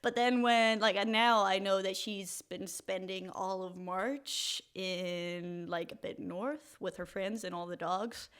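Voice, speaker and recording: A woman's voice: medium pitch, fairly even intonation, takes it slowly, few pauses, a bit bright, clean tone. A young woman from Sweden, a comedian, chatting casually as a podcast guest, giggly and playful with lots of "like".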